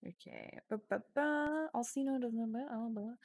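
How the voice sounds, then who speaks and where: A woman's voice: fairly high pitch, measured pace, gravelly, hardly any pauses, darkish tone, dry recording. A woman streaming a text adventure game, reading the story aloud with casual swearing and sudden drops into whispers.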